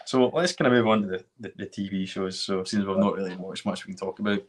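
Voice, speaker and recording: Guy hosting a live chat, lowish voice, chatty and rambling. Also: steady tone, fast talker. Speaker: host. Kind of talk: casual chat. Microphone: video call.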